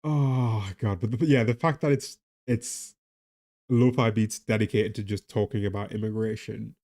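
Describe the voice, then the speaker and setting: A man's voice: fairly low pitch, fairly even intonation, moderate pace, darkish tone. A tired man with a weak Geordie accent, chatting casually on a live stream, rambling and laughing about the economy. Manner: laughing, rambling, talks to chat and a pet.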